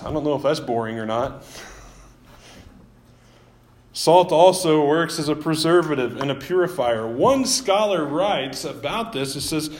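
In a church service streamed live, a male pastor preaches in a laid-back, chatty style with asides at his own expense. His voice is a little high.

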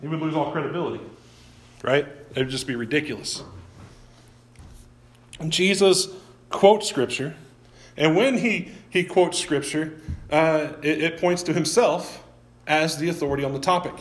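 Pastor, male, slightly high voice, chatty sermon delivery with frequent restarts, echoey church room. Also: moderate pace, pauses often. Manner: conversational, often restarts words, quizzes the congregation. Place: church sanctuary.

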